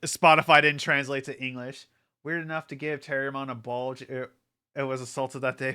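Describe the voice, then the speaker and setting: Bright, clear-voiced male streamer. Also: medium pitch, little pitch movement, normal speed. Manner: rambling with many fillers, laughs often. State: hyper from an energy drink. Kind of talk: casual livestream chat.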